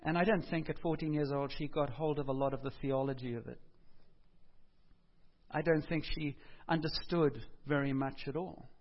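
Lively male preacher, lo-fi sound. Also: fairly high pitch, normal speed. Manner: conversational, animated, rises for emphasis and drops softly for quoted words. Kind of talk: sermon. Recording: dull lo-fi sound.

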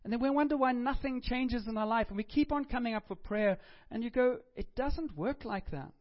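A middle-aged man with a high voice preaches a sermon in a relaxed, chatty manner, slipping in jokes. The recording sounds dull and lo-fi. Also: brisk. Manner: chatty, joking, conversational preaching. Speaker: pastor.

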